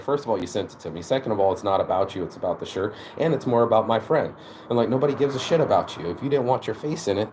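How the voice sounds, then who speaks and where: A man's voice: mid-range voice, darkish tone, a little hiss or hum. A man hosting his own channel, delivering a casual motivational monologue in a blunt, profane way, full of stammered restarts. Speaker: channel host.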